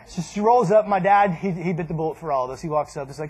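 A man's voice: fairly high pitch, quick pace. A man casually telling a funny camping story to a group, acting out voices as he goes. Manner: animated, acts out voices and laughs.

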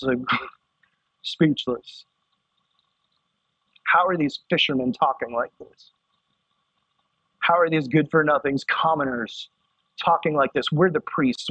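A man with a drawl preaches with animated, climbing emphasis. His voice sits high and a little husky. The sound is dry and somewhat muffled, with little sparkle. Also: no echo. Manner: animated, rising to excited emphasis. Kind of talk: sermon.

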